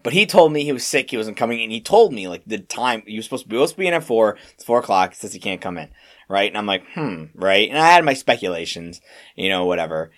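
A young man co-hosting a podcast, telling work stories in a rambling, animated way with lots of fillers and restarts. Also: on the low side, fast. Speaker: podcast co-host. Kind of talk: casual storytelling chat.

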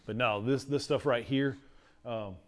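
A man's voice: medium pitch, unhurried. A middle-aged man, teaching a class in a casual, rambling lecture full of stories. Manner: chatty, storytelling, uses "like" a lot.

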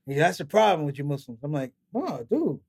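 This middle-aged male comedian has a fairly high pitch, very fast delivery, and vocal fry. As a podcast guest in a casual interview, he tells long stories animatedly, acting out the people he quotes with laughs.

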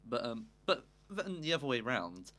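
A man's voice: medium pitch, sing-song, moderate pace, pushed and bright. A man co-hosting a podcast, blunt and irreverent, swearing and joking in casual chat. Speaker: podcast co-host.

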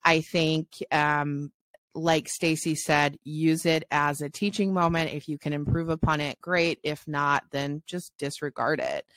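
Deep-voiced fast-talking woman on a dry mic. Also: little pitch movement, fairly bright tone, no echo. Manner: fast-talking, frank, many fillers. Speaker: panelist. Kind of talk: casual panel discussion.

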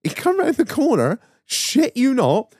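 A man's voice: very high voice, wildly swooping pitch, unhurried, darkish tone, husky, no echo, clean studio sound. A man hosting a podcast, telling sweary anecdotes and laughing through them. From Manchester, England. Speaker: podcast host. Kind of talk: casual podcast banter.

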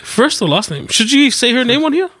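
A man co-hosting a casual chat podcast, chiming in with quick, teasing remarks. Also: very high voice, big pitch swings, sharp tone, breathy edge. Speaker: podcast co-host.

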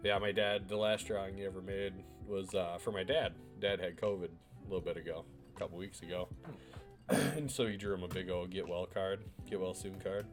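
A man's voice: deep voice, steady tone, fairly quick, soft background music. A man chatting casually with friends, telling a rambling, profane family anecdote with plenty of fillers. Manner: rambling, profane, loose storytelling. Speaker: storyteller among friends. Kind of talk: casual chat.

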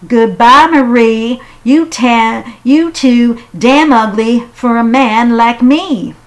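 A woman voicing a smooth-talking, no-good young man in a poem reading, in a raised voice. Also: on the high side, slow pace, voice pushed up, low-quality recording. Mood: mocking.

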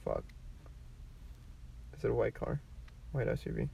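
A man's voice: medium pitch, huge pitch swings, measured pace, gravelly, mellow. A young man is telling a story to friends in a rambling, profane way, full of "like" and other fillers. He sounds as if he is sitting in a car. He is recorded from a distance, with a faint hiss of background noise. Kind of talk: casual storytelling among friends.

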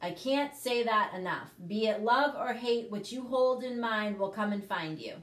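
A woman's voice: a little high, moderate pace, echoey room. A woman hosting a casual talk, coaching her listeners earnestly and checking in with "okay?" as she teaches. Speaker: host, prosperity teacher. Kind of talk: casual livestream teaching chat.

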